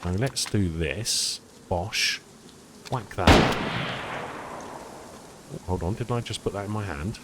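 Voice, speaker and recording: Low-voiced man streaming a game. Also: takes it slowly, pauses often, very noisy. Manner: chatty, self-deprecating, talks to chat. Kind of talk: casual gameplay commentary.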